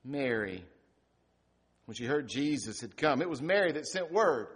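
A middle-aged male pastor preaching a sermon, rising to loud emphatic peaks and dropping to quiet, hushed lines. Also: medium pitch, lively intonation, moderate pace, slightly rough.

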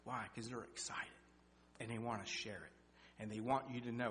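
A middle-aged man preaches in a folksy, animated way, his voice climbing in pitch and volume as he presses a point. He speaks at an ordinary mid-range pitch. The recording has a long hall echo and a faint hum underneath. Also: normal speed. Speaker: lay preacher. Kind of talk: sermon with personal testimony.

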